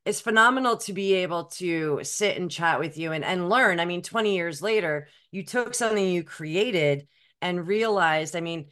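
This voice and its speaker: Woman host, warmly affirming. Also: on the low side, normal speed. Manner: affirming, supportive, gives short agreements. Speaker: show host. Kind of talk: conversational interview.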